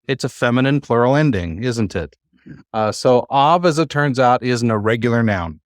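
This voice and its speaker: A man's voice: medium pitch, lively intonation, normal speed, dry recording, studio quality. A man teaching a classroom lesson, patient and encouraging, with many fillers. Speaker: Hebrew teacher.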